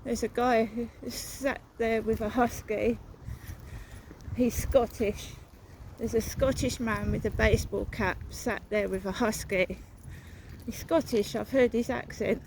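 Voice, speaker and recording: A woman's voice: on the high side, fairly even intonation, measured pace, darkish tone, slight background noise, low-quality recording. A woman narrating a walking vlog outdoors, talking in a rambling, repetitive, suspicious way. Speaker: vlogger. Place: outdoors, walking through a town.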